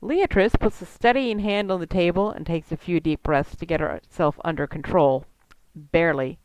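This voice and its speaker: A woman's voice: lowish voice, moderate pace, no room sound, low-quality recording. A woman narrating a tabletop game as game master, descriptive and chatty, laughing easily.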